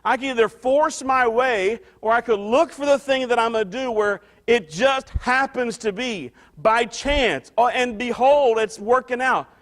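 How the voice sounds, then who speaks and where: High-voiced man preaching a conversational sermon. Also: a little slow, few pauses, fairly bright tone. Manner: conversational, restarts and repeats phrases for emphasis. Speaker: pastor.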